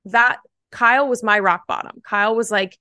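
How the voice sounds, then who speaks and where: A woman's voice: mid-range voice, normal speed, dry recording. Chatty woman telling a story, dry sound. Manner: animated, chatty, full of "like" fillers. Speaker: podcast guest. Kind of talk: casual storytelling.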